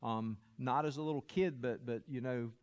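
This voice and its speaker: A man preaching a sermon, telling a story with animated, building energy. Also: mid-range voice, moderate pace, long reverb tail. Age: adult. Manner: animated, builds to loud excited peaks when telling a story. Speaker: pastor.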